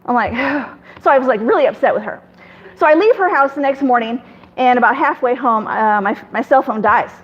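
A woman with a high voice tells a personal story in a chatty, casual way, acting out the people she quotes. The recording sounds dull and lo-fi. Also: moderate pace, husky. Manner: chatty, acts out other people in quoted dialogue. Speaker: guest telling her faith testimony.

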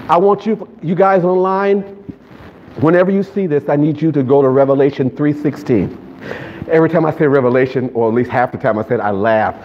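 A male preacher delivering a sermon to a live congregation, mixing playful joking asides with call-and-response. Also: on the high side. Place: church service with a live congregation. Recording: slightly dull recording, faint background noise.

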